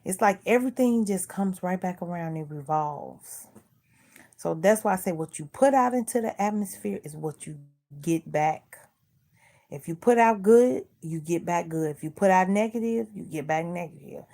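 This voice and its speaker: A woman's voice: lowish voice, expressive, moderate pace, mellow. A middle-aged woman vlogger in casual chat, earnestly preaching life advice and repeating herself.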